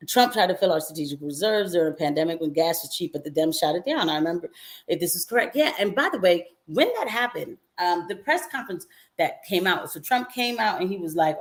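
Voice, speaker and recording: A woman's voice: on the low side, a little fast. A young woman, a nurse, chatting casually on a livestream, reading viewer comments and slipping into mocking voices. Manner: animated, swings into mocking quoted voices, laughs often. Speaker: nurse and political vlogger.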